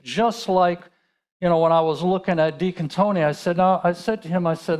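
A man's voice: sits high, brisk, a little mellow. A male pastor preaching a sermon in a conversational way, asking rhetorical questions.

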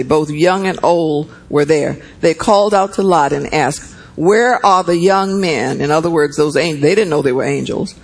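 A man's voice: on the high side, gravelly, low-quality recording. A man preaching a sermon and reading scripture aloud. He talks conversationally, often checks in with his listeners, and repeats words for emphasis.

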